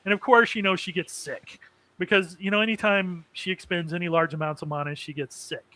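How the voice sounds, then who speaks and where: A man's voice: sits high, fairly even intonation, a little fast, sharp tone, poor audio. A man hosting a casual anime recap, rambling with many fillers and chuckling as he goes. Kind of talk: casual chat.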